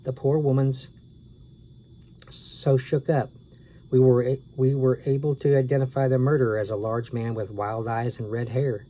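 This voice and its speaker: A calm, caring storybook father explains things gently, as a male reader voices him. His tone is mellow and dark at a medium pitch, with faint background noise. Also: normal speed, lightly acted, low-quality recording. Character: calm caring father who runs seances. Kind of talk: storybook reading.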